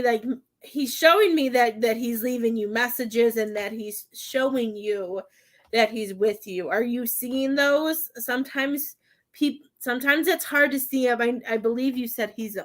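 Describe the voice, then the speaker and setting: A woman's voice: a little high, unhurried, fairly bright tone. A woman giving a psychic medium reading on a live stream, talking in a hesitant, rambling way with many fillers and often getting choked up. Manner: emotional, gets choked up.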